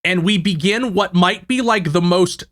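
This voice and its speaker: Bright-voiced man retelling a plot. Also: high voice, moderate pace. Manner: rambling plot retelling with swearing and laughs. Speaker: podcast host, main recapper. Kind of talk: casual movie recap chat.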